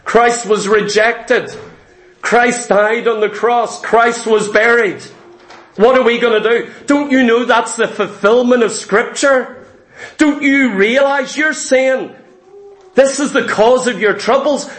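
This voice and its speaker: High-voiced man preaching in an echoey church. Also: takes it slowly, fairly bright tone. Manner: emphatic, repetitive, quotes imagined complainers. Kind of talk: sermon. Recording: echoey room.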